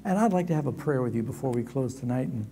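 A man preaching a storytelling sermon at a camp meeting, animated and humorous with quick asides, in a large hall. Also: medium pitch, breathy edge. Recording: long reverb of a large hall.

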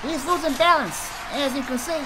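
A woman co-commentating on a wrestling match, adding wry quick reactions to the play-by-play. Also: high voice. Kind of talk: casual color commentary. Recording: noisy with loud crowd behind.

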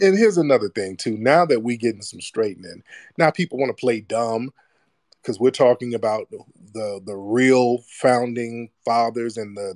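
A man's voice: a little mellow, no room sound. Slangy mocking man, dry close mic. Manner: mocking, slangy, puts on shrill voices to mimic critics. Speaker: host. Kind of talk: casual commentary monologue.

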